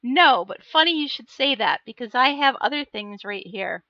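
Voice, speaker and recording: A woman's voice: fairly high pitch, animated, moderate pace, sharp tone, no room sound, muffled recording. A woman streamer chatting casually on a live stream, laughing often and answering her viewers. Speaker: live streamer and miniature painter.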